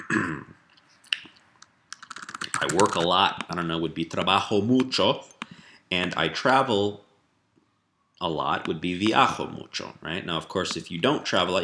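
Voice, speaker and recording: A man giving a relaxed spoken language lesson, explaining step by step with fillers and rephrasing. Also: low voice, noisy background. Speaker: language teacher.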